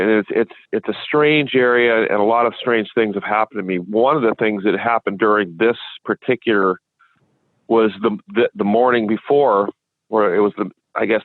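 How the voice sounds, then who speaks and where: A man from Washington State, a guest in an interview, telling a long rambling story with halting restarts. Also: lowish voice, dry recording. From Washington State, USA. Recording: dry, tinny phone line.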